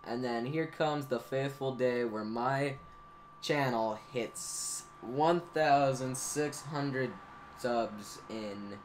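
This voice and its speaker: A teenage boy talking through his channel's history in a rambling, profane, excitable way, as a gaming YouTuber looking back. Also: mid-range voice, slow pace, slight background noise. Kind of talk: casual anniversary vlog monologue.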